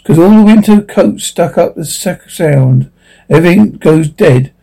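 A cranky, boastful projectionist in a horror drama. He rants bluntly and swears without a second thought. His voice sits a little high for a man, yet it sounds dark and mellow. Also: lively intonation, unhurried, low-quality recording. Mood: ranting. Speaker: actor in a horror series.

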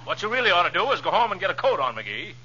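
Gildersleeve, a pompous chuckling neighbor. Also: male voice, high-pitched, very animated, rapid-fire, very noisy. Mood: teasing. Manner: pompous, teasing, chuckles at his own jokes. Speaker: sitcom neighbor. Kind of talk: 1940s radio comedy acting. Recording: dull lo-fi old radio recording.

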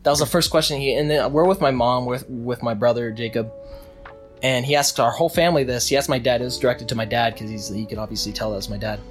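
A man's voice: mid-range voice, steady tone, fast talker, faint music behind. A young man casually telling a long story with many restarts, acting out what people said. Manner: rambling with restarts, acts out quotes.

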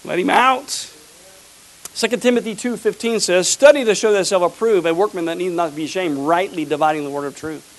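Pastor, middle-aged man, high voice, animated sermon delivery from the pulpit. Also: brisk, rough recording. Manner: animated preaching, acts out quoted people. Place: church sanctuary.

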